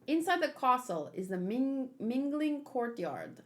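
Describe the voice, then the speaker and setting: Animated woman reading manga aloud. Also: a little high, a little slow, few pauses. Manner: rambling, animated, thinking aloud. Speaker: manga read-along host. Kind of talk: casual chat and reading aloud.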